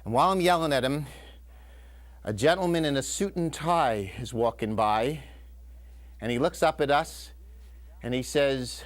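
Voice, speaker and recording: A man's voice: medium pitch, moderate pace. A man telling a personal story live in a community TV studio, acting out the voices of the people in it. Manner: animated, acts out quoted voices, shouts and whispers.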